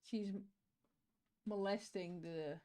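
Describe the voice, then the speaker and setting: A woman streams a game at home, offering playful, chatty let's-play commentary with the occasional casual swear. Her lowish voice is warm and steady in tone, and she talks extremely slowly.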